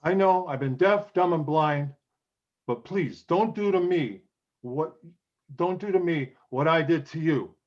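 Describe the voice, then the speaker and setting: A man's voice: fairly high pitch, dull audio, lightly acted. A man playing a desperate pleading husband. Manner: pleading, halting repetitions. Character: desperate young husband pleading with his wife. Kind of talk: acting class scene reading.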